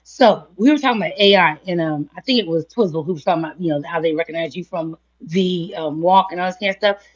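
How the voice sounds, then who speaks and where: A woman's voice: on the low side, fast, dull audio. A woman telling a long personal story in a casual chat, laughing often and acting out what others said. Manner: chatty, laughs often, quotes others in a livelier voice. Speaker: guest speaker. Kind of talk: casual storytelling on a live audio panel.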